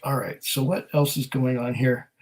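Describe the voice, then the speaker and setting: A man's voice: medium pitch, level tone, moderate pace, noisy background. A man hosting a whisky channel, casually reading viewer comments aloud on a livestream in a rambling, self-deprecating way. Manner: rambling and self-deprecating, with many fillers and laughs.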